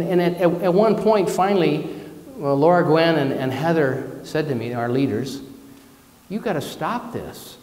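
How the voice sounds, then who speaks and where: A male minister delivers a relaxed, conversational sermon with a voice pitched a touch high. He speaks candidly and pokes fun at himself as he tells personal stories. The sound rings through a roomy hall with a long, lingering reverb. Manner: candid, personal storytelling with self-deprecating asides. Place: church or spiritual centre hall.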